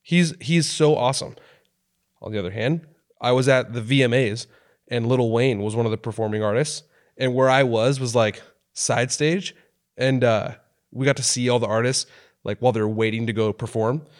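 A man's voice: medium pitch, normal speed. A man in his thirties from Oregon, telling a story on a podcast in casual chat and acting out the people he quotes. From Oregon, USA. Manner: animated storyteller who acts out quotes in shifting voices.

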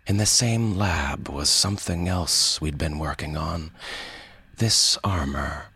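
A man voicing a calm, wry man in power armor, speaking in a dry, measured way in an audio fiction reading. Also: very deep voice, vocal fry, breathy edge, full character voice. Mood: earnest.

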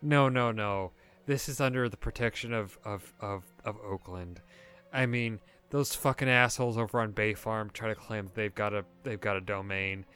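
A man's voice: fairly low pitch, fairly even intonation, moderate pace, fairly bright tone, clear, resonant tone, faint music behind, lightly acted. A man voicing a brash, foul-mouthed woman seer who fawns and then sneers. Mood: scornful. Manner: crude, swearing, fawning then scornful.

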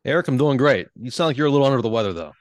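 A man who works as a wealth advisor, explaining business topics on a podcast in a measured, earnest way. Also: mid-range voice, lively intonation, no echo, studio quality. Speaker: wealth advisor, show host.

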